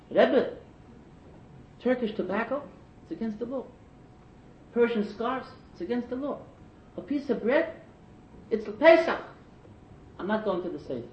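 A man with a very high voice tells stories in a sermon. He gets animated and often climbs to shouted emphasis. The recording is echoey and muffled, as if taped in a large room. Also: a little slow, long pauses, a little hiss or hum. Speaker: preacher. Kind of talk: sermon storytelling. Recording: echoey and dull lo-fi.

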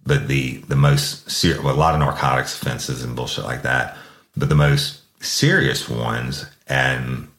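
A man's voice: very deep voice, steady tone, unhurried, a bit bright, roomy sound. A man telling a true-crime story in casual, profane, folksy talk, often calling his listeners y'all. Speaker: podcast host telling a case story.

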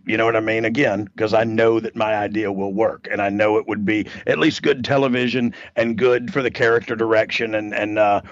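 Man, podcast co-host, gravelly, self-assured, slightly dull recording. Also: fairly low pitch, a little fast, hardly any pauses, no room sound. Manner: confident, rambling, laughs often. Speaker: podcast co-host, former wrestler and writer. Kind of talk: casual podcast chat.

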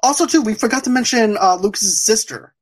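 A man's voice: high voice, brisk, slightly rough. A man hosting a podcast, reviewing a TV show in casual chat, rambling and laughing often. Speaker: podcast host.

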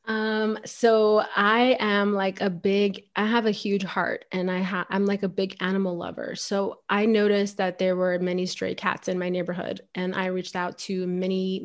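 A woman chatting as a podcast guest, rambling and filling her talk with "like". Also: mid-range voice. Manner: rambling, heavy use of filler "like". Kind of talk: casual chat.

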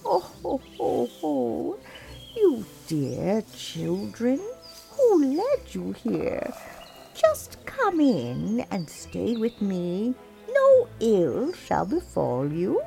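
A woman voicing a cruel old witch in a storybook reading, drawing her words out slowly and gloatingly. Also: medium pitch, wildly swooping pitch, vocal fry, mellow, faint music behind, voice pushed up, exaggerated voice. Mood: sweetly luring. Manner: slow, drawn-out, gloating. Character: cruel old witch luring children, jeering.

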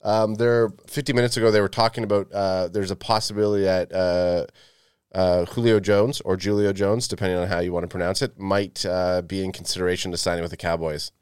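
A man co-hosting a casual podcast, joking and breaking into high mock rants. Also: flat delivery, fairly quick, clean tone, dry recording, studio quality. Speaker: podcast co-host. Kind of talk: casual chat.

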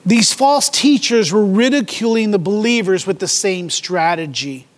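Male pastor, very high voice, dramatic sermon delivery, echoing church hall. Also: moderate pace, hardly any pauses. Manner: dramatic scripture reading with mocking voices.

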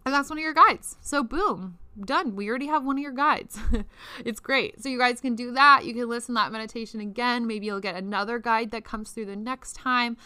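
A woman's voice: on the high side, fairly quick, bright, forceful tone, smooth, no room sound. A young woman hosting a spiritual podcast, chatty and casual, swearing freely and saying "like" a lot. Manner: chatty and profane, many "like"s, laughs often. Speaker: podcast host.

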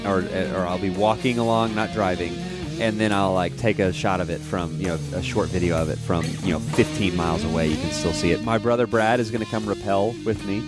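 A man's voice: low-pitched, a little fast, loud music behind the voice. A man co-hosting a podcast in casual chat, rambling and laughing through his stories. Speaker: podcast co-host.

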